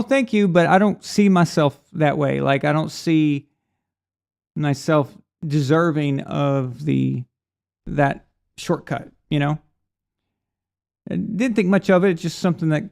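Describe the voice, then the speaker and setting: Man, middle-aged, sports talk host, slightly high voice, gravelly, rambling casual chat. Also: a little mellow. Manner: casual, rambling storyteller with restarts; acts out voices in quoted speech. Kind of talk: live stream chat reading super chats.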